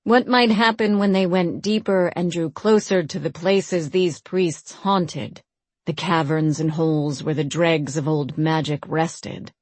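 A woman narrating a fantasy audiobook in a steady, even storytelling manner. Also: sits low, a little slow, no echo.

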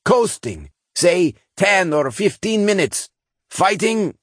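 A man voicing an old, gruff male chief engineer of a starship, heard over a scratchy intercom, weary and wry. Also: high-pitched, very animated, slow pace, dry recording, clean studio sound, pitched above the performer's own voice, heavily acted. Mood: strained.

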